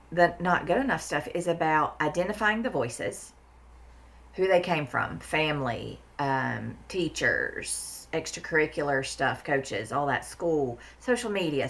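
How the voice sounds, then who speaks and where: A woman's voice: deep voice, a bit bright. A woman talking in a casual podcast conversation, blunt and emphatic, swearing freely and repeating words for stress. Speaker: therapist guest.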